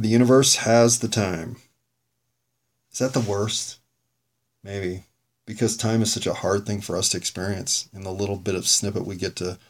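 A man hosting his own podcast, rambling through a reflective and self-critical solo monologue. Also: lowish voice. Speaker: podcast host reviewing his own episodes.

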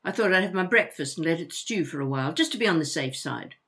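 Brief: actress as older mum, chatty and blunt, tripping over words, lively intonation. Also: female voice, fairly low pitch, fast. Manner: animated, stumbling over words when flustered. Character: chatty older mother, outspoken, quick to apologize. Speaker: mother. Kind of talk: audio drama dialogue.

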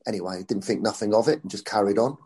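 Middle-aged bloke, ex football coach, chatty storyteller, fairly low pitch. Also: male voice, fast talker, mellow. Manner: chatty anecdotal storytelling, acts out quotes. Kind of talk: storytelling interview.

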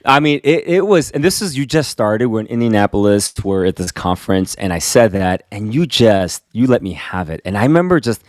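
Low-voiced earnest male pastor. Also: a little fast, hardly any pauses, no room sound, studio quality. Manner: earnest, animated storyteller with frequent restarts. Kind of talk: casual podcast conversation.

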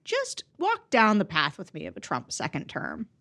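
A woman co-hosting a podcast in casual political chat, animated and quick, often cutting herself off mid-sentence. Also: lowish voice, gravelly. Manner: animated, quick, self-interrupting. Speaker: podcast co-host.

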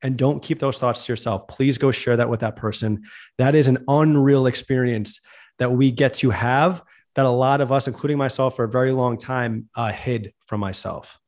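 A man's voice: mid-range voice, fairly even intonation, moderate pace, darkish tone. A man hosting a podcast, talking in an earnest, heartfelt, rambling way. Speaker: podcast host. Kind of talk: casual conversation.

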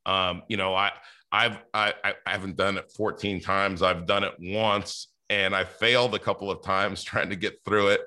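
A man's voice: sits low, bright, forceful tone. A man hosting a podcast interview, chatting casually with lots of fillers and restarts. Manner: rambling, many fillers and restarts. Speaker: podcast host.

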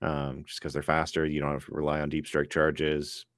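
Very low-voiced man hosting, dry close sound, casual and filler-heavy. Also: completely flat delivery, normal speed, fairly bright tone, dry recording. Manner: steers the talk, filler-heavy. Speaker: podcast host. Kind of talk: casual chat.

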